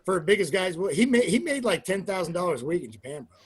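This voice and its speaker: A man's voice: sits high, fast, husky. A middle-aged man, a former pro wrestler, telling profane stories in a casual interview. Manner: profane, animated storyteller.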